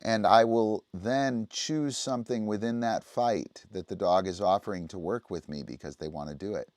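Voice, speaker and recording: A man's voice: lowish voice, normal speed, darkish tone, no room sound, clean studio sound. A man teaching dog training on a livestream, explaining casually and often checking in with the listener. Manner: conversational, explaining, often asks "right?".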